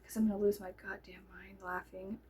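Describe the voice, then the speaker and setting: A woman's voice: mid-range voice, flat delivery, brisk, darkish tone, slight background noise. A young woman from Texas, telling a story in a rambling, giggly casual chat and swearing freely. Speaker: storyteller vlogger.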